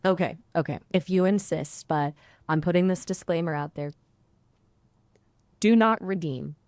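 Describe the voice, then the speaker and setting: A woman's voice: lowish voice, fairly even intonation, normal speed, mellow, no echo. A woman's voice of an AI chatbot, friendly, playful and polite, adding small disclaimers. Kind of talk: conversational AI companion.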